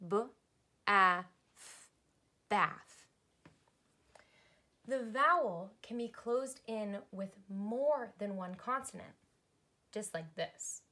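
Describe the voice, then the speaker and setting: A woman teacher slowly demonstrating closed syllables with letter cards, sounding out each letter patiently. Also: medium pitch, fairly bright tone. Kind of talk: recorded phonics lesson.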